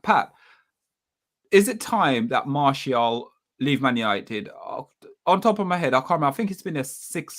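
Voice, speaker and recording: A man on a live fan show, chatting casually and hesitantly with many fillers as he leads the next topic. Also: medium pitch. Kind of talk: casual live-stream chat.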